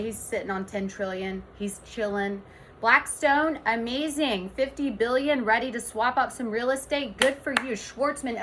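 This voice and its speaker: A woman's voice: a little high, a bit bright, a little hiss or hum. A woman delivering an opinionated finance vlog rant, sarcastic and worked up, firing off rhetorical questions. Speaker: finance commentator.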